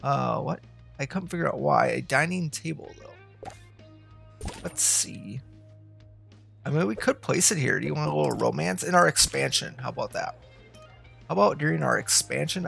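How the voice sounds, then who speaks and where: Brief: male let's-play host, gravelly fry, lively pitch, musing aloud at his game, soft game music under him. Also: moderate pace, pauses often. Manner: thinking aloud, chatting to the game's students. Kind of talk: casual gameplay commentary.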